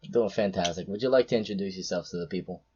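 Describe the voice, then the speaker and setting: A man's voice: sits low, fast talker, a little mellow, slightly rough, muffled recording. A young man hosting a casual podcast chat, rambling and jokey with lots of fillers, over a call. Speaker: podcast host.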